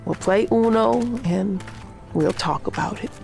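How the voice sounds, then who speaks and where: A woman playing a gravelly old grandmother witch. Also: medium pitch, a little slow, faint music behind. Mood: warm. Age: older. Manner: firm and warm. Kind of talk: audio drama acting.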